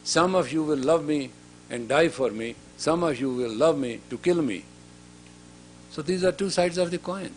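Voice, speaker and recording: A man's voice: a little high, moderate pace, a little hiss or hum. A man in his fifties, a spiritual teacher giving a lecture to a women's class, talking directly and scolding, often turning questions on his listeners. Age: 50s. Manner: direct and admonishing, asks the audience questions.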